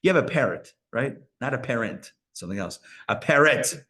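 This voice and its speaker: A rabbi giving a live Torah lecture to an audience at a community center, talking in a conversational way with playful asides to the listeners. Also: male voice, medium pitch, animated, fairly quick, bright, forceful tone. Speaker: rabbi teaching a class.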